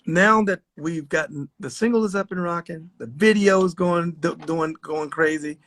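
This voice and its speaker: A man interviewing an artist in a casual, enthusiastic way, often pausing with fillers. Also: on the high side, a bit bright, no echo.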